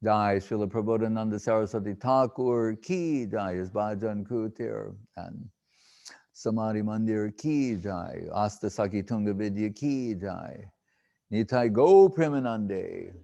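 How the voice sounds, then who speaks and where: A man's voice: on the low side, measured pace, vocal fry, mellow. A man giving an emphatic devotional talk outdoors, quoting Sanskrit verses. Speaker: spiritual teacher. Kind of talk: devotional discourse on pilgrimage. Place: outdoors at pilgrimage site.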